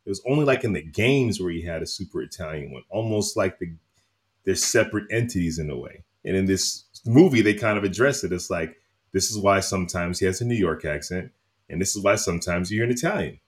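An eager man on a podcast, rambling happily through a movie recap with lots of "like" and "uh". His voice sits a bit low. The delivery is loose and conversational. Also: expressive, a little fast. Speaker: podcast co-host. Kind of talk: casual movie-review chat.

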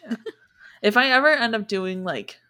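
A woman's voice: a little high, animated, normal speed, pushed and bright, clear, resonant tone. A young woman co-hosting a podcast, chatting casually and filling her talk with "like". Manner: chatty, lots of "like" fillers. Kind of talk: casual chat.

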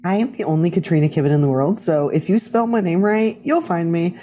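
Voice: medium pitch, a little fast. A guest in a casual interview, telling stories animatedly and acting out the voices of others. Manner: animated storyteller who acts out quoted voices.

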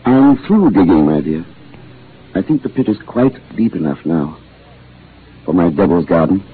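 A mild, hesitant old professor of botany with a quietly sinister undertone. His low voice rises and falls widely. It is heard through a thin, phone-like old radio broadcast with a faint hiss. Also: very animated, normal speed, slightly rough, faint music behind, exaggerated voice. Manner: hesitant, soft-spoken, quietly menacing. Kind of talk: 1940s radio acting.

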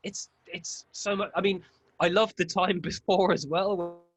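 An English man chatting casually as a guest, a lively storyteller who slips into comic voices. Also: high-pitched, normal speed. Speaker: DJ and producer guest. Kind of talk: casual podcast chat.

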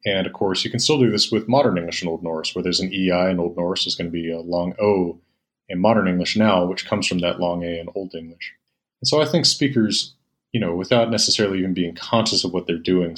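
A man's voice: sits low, a bit bright. A middle-aged man, a scholar and interview guest, explaining at length in a patient lecturing way with frequent ums. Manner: lecturing, patient, with many fillers. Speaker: Old Norse scholar, guest.

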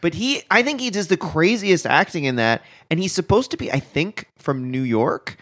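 A man co-hosting a comedy podcast, talking with excitable, rambling enthusiasm. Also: on the high side, normal speed. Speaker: podcast co-host. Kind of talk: casual comedic chat.

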